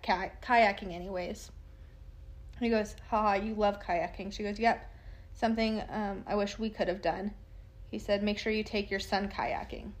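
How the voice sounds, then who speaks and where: A woman recounting a true crime case by reading an exchange of texts aloud. Her pitch sits in the middle for a woman, and she keeps her delivery plain and matter-of-fact, breaking in with casual asides between messages.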